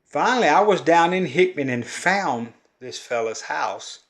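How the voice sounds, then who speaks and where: A man's voice: fairly high pitch, lively intonation, unhurried, fairly bright tone. An older man with a Southern drawl from Kentucky and Louisiana talks straight to camera. His storytelling is homespun and earnest, and he rambles from one thought to the next. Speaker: folk-art vlogger and collector. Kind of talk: rambling folksy monologue to camera.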